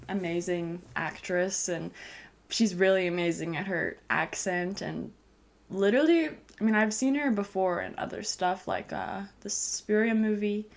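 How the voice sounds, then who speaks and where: Giggly young woman reviewing a film. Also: mid-range voice. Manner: giggly, lots of "like" fillers. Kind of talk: casual chatty film review. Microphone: camcorder.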